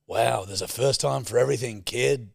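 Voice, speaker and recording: A man's voice: mid-range voice, moderate pace, creaky, dry recording, studio quality. Sweary, teasing male podcast host. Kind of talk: casual chat.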